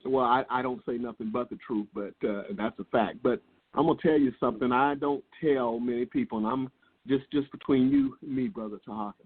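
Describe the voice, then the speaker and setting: Husky man on a phone line. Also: mid-range voice, a little fast. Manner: laid-back, earnest, circles back on his words. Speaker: guest speaker. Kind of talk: business call interview.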